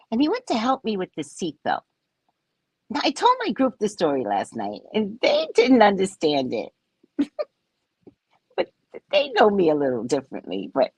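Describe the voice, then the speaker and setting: A woman's voice: mid-range voice, breathy edge, dry recording. A woman host telling a personal story in casual talk, acting out both sides of the dialogue. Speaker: podcast host.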